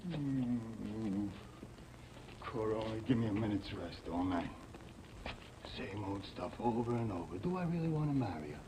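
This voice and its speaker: A man's voice: on the low side, lively intonation, normal speed, mellow, natural voice, rough recording. Guy doing a grumpy new barman, slangy, voice jumps around a lot, faint hiss. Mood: agitated. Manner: grumbling slang, mimics voices. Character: rough bartender, anxious and defensive. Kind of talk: 1960 television drama acting.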